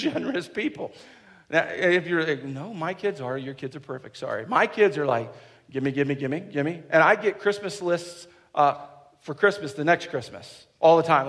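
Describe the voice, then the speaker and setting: Man, 30s, pastor, sermon, high-pitched voice, animated and joking delivery. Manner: animated, joking preaching with acted-out quotes.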